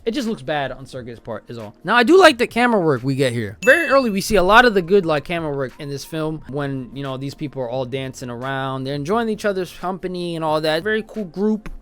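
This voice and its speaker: A young man talks through a film review in an offhand, slangy way, dropping to mumbles and then jumping up into loud bursts. His voice sits a little high and swings widely in pitch. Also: expressive, quick pace, hardly any pauses. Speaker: movie reviewer. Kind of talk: casual spoken movie review.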